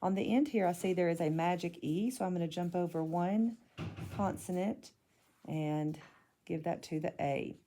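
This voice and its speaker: A woman teaching a phonics lesson, calmly narrating each step as she marks and divides words. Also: fairly low pitch, normal speed, a little hiss or hum.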